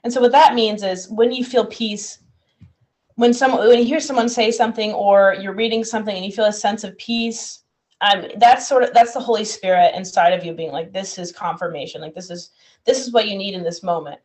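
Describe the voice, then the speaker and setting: A woman's voice: mid-range voice, fairly quick. Earnest woman co-host sharing faith. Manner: earnest, relaxed, reads scripture aloud. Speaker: podcast co-host. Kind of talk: casual faith chat.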